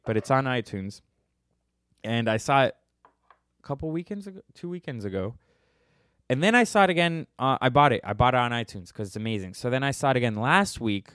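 A man's voice: mid-range voice, smooth, no room sound. Irreverent joking man, dry close podcast sound. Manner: irreverent, joking, laughs at own answers. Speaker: podcast host answering listener questions. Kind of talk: casual podcast chat.

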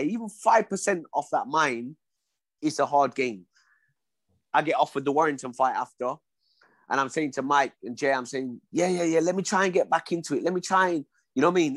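Animated ex-boxer telling stories. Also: male voice, fairly high pitch, no echo. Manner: animated, acts out quoted dialogue, repeats "you know what I mean". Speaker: guest, former boxer. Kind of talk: casual storytelling interview.

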